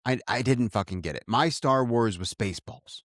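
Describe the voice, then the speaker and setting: A podcast co-host chats casually, playful and teasing, with casual swearing. His medium-pitched voice is fairly bright at a normal speed, recorded at studio quality with no room sound.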